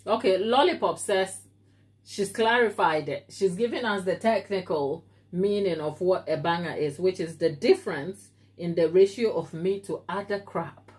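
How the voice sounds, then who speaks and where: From her home kitchen, a woman from Africa hosts a live baking stream, reading viewer comments in relaxed chat and jokingly teasing people by name. She speaks at a moderate pace in a lowish, slightly mellow voice.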